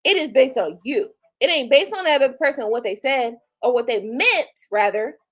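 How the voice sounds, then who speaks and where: A woman in her forties speaks with a very high voice that leaps all over the place as she rants on her livestream. She is blunt and profane, with features, and she talks straight to her viewers in an animated, mocking way. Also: normal speed, rough recording. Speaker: tarot reader and livestream host. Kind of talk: casual livestream rant.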